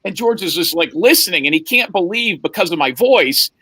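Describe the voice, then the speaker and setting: A man's voice: sits high, expressive, fairly quick, sharp tone, slightly rough, no room sound, low-quality recording. A man telling a wild story in a casual chat, acting out the other people's lines and swearing freely. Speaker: podcast guest.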